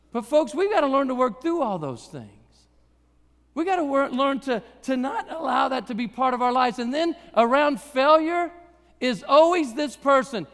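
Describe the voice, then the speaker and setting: A middle-aged male pastor preaching in a loose, conversational style, slipping in jokes before pressing his points hard. His voice sits high, and a long hall reverb trails behind every phrase from the live church service. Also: lively intonation, normal speed. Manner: conversational preaching with humor and rising emphasis. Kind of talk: sermon.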